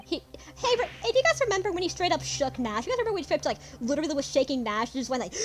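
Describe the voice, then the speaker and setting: An excitable woman gaming streamer who talks casually and chatters between dialogue lines. Her voice is high and bouncy, with lots of pitch movement. She swears freely. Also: very fast, hardly any pauses, over music. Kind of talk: let's play commentary.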